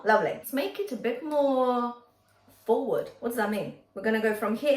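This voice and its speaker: A woman's voice: on the high side, lively intonation, moderate pace, reverberant. A woman vocal coach teaching a singing lesson, upbeat and encouraging, often checking in with her students.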